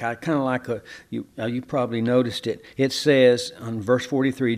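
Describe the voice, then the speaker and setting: A man's voice: medium pitch, fairly even intonation, moderate pace, few pauses, darkish tone. A pastor preaching a sermon in a folksy, conversational way, asking his listeners questions.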